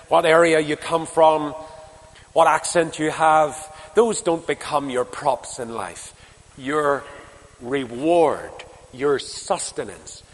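A man with a Northern Irish accent preaching a sermon, swelling to loud emphasis and dropping to hushed asides. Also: on the high side. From Northern Ireland. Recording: sermon tape in a reverberant hall.

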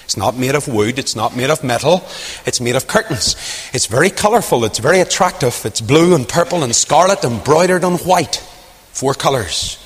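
A man preaching a dramatic sermon, swinging from loud rising questions to hushed near-whispers. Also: mid-range voice, animated, moderate pace, breathy edge. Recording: long hall reverb.

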